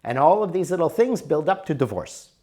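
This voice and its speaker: A man's voice: fairly high pitch, big pitch swings, a little fast, dark tone. A middle-aged man teaching a workshop in a conversational, storytelling way with rising and falling emphasis. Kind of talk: recorded workshop talk.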